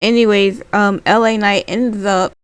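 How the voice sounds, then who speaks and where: A woman's voice: mid-range voice, a little slow, clear, resonant tone, no room sound. A woman recapping wrestling in a casual, rambling way, with lots of fillers and restarts. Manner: acts out quotes in a lively voice.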